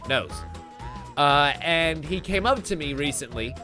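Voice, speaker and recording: A man's voice: fairly high pitch, animated, a little slow, bright, forceful tone, faint music behind. A man streaming a party game live, chatting playfully and sarcastically with his audience. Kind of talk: casual live-stream commentary.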